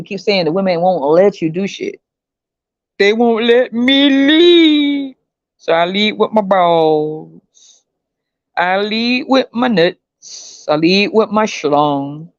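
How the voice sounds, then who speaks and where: A woman's voice: mid-range voice, darkish tone, no room sound. Brief: woman podcast host, blunt and mocking commentary, dull lo-fi sound with a dry close feel. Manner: blunt, profane, mocking, laughing. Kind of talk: casual commentary monologue.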